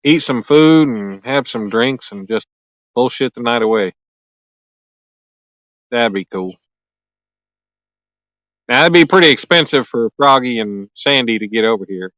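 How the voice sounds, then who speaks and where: A man's voice: medium pitch, lively intonation, unhurried, pauses often, fairly bright tone, no echo, poor audio. A man hosting a casual live stream outdoors by a lake at night, chatting easily and joking as he reads and answers viewer comments aloud. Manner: joking, easygoing. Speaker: livestream host.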